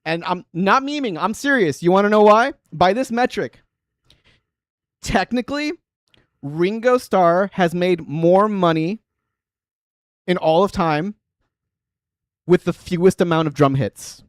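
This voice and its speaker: A man in his thirties chatting casually on a livestream as a bass-playing host, rambling with lots of fillers and frequent laughter. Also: lively intonation, a little slow, long pauses, no echo. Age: 30s.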